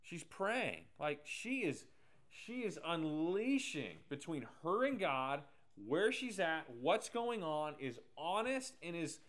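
A man's voice: on the high side, very animated, slow, fairly bright tone. A man preaching a casual, joking sermon, explaining scripture with laughs and asides. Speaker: pastor.

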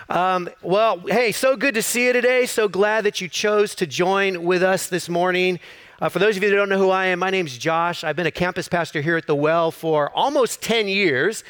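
A man's voice: high voice, a bit bright, clear, resonant tone. A middle-aged man, a campus pastor, preaching a sermon in an easy storytelling way with self-deprecating humor.

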